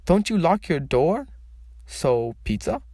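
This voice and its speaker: A man's voice: on the high side, very animated, slow pace, dark tone, dry recording, studio quality, heavily acted. A man voicing a hungry, whiny young male bandmate who talks eagerly.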